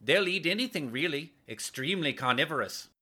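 A young French woman scientist, voiced by a male narrator with a raised pitch. She reels off facts in a cool, matter-of-fact manner for an audiobook. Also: animated, fairly quick, pushed and bright, heavily acted.

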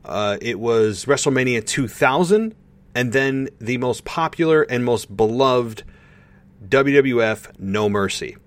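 A man hosting a podcast, answering listener questions in a casual, rambling, animated way. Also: medium pitch, unhurried, no echo. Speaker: podcast host answering voicemails. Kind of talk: casual solo podcast talk.

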